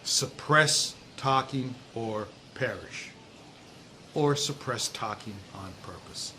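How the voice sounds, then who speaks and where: A middle-aged man giving sales coaching to camera outdoors, talking emphatically with drawn-out stresses and dropping low at times. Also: sharp tone. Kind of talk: direct-to-camera coaching talk. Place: outdoors in a breezy warm place. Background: wind noise.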